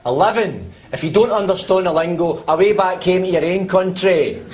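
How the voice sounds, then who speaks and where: A man's voice: high-pitched, normal speed, a little mellow, natural voice. Actor as a sarcastic Scottish man. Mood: scornful. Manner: sarcastic, scornful. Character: grumpy foul-mouthed Scottish man in a lift.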